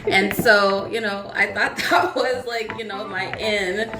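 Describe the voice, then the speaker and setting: A woman's voice: mid-range voice, fairly even intonation, slow. Woman, young adult, casual storytelling, swears a lot, roomy echo, music behind. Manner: swears freely, laughs through the story. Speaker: podcast guest.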